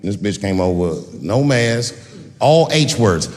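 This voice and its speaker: A middle-aged man performs a stand-up set before a live audience in a large venue, telling animated stories and acting out voices. His mid-range voice moves a little slowly, and the live hall recording carries long reverb and background noise.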